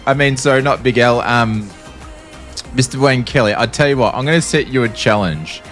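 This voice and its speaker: A man's voice: medium pitch, moderate pace, a bit bright, faint music behind. A man with an Australian accent chatting casually on a livestream, talking freely and laughing often. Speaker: streamer.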